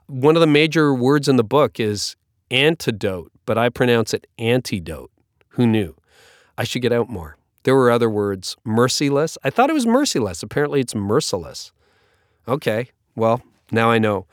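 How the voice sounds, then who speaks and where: A man's voice: mid-range voice, clear, resonant tone, no room sound. Casting: conversational man, joking at his own expense, dry studio sound. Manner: self-deprecating, joking, conversational. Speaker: pastor and author. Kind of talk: recorded author interview.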